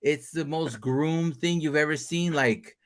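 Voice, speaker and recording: A man's voice: fairly high pitch, measured pace. A man hosting a live-stream chat, talking in a loose, profane, joking way and laughing often. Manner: animated, profane, laughing banter. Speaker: host of a livestream chat. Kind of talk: casual chat.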